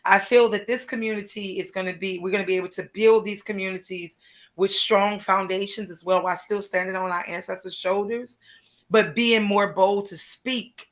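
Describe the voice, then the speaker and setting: A woman's voice: mid-range voice, fairly even intonation, normal speed. A woman co-hosting a podcast, speaking in conversational casual chat with an affirming manner. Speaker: podcast co-host.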